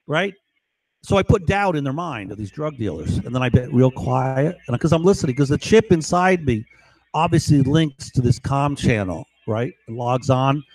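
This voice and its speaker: A man's voice: mid-range voice, expressive, normal speed, a little mellow, poor audio. A man talking urgently and emphatically in a rambling monologue to camera, repeating his points. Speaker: vlogger.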